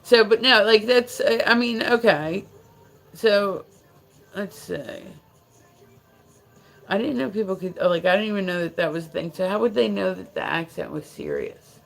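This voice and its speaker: A woman's voice: medium pitch, very animated, normal speed, vocal fry, rough recording. An American woman hosting a livestream, chatting casually and rambling with many restarts and fillers. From United States. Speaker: livestream host. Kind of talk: casual chat.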